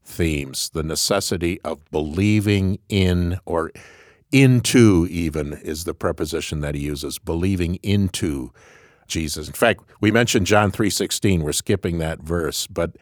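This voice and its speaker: A man's voice: deep voice, measured pace, dry recording, studio quality. A man co-hosting a radio Bible program, explaining passages in a reflective, conversational way.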